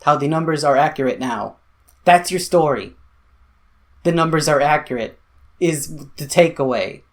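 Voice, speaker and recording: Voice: mid-range voice, moderate pace. Angry vlogger, sputtering sarcastic rant, lots of cursing. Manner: sarcastic, profane, sputtering with anger. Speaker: commentary vlogger.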